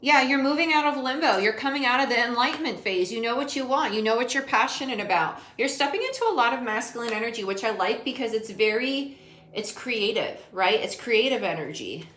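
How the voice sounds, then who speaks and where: A woman's voice: a little high, expressive, fairly quick, a bit bright. A woman giving a casual tarot reading, talking straight to the viewer in a chatty way and often laughing. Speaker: tarot reader. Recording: echoey room with faint noise.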